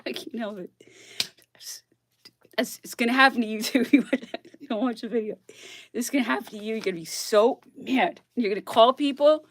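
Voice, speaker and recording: A woman's voice: a little high, normal speed. A woman blogger on a casual, worked-up rant who keeps asking "okay?" and laughs between her points.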